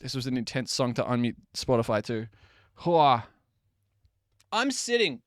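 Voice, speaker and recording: A man in his twenties chatting casually with viewers on a live stream, animated and quick to swear. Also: mid-range voice, no room sound, clean studio sound. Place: at home at his desk.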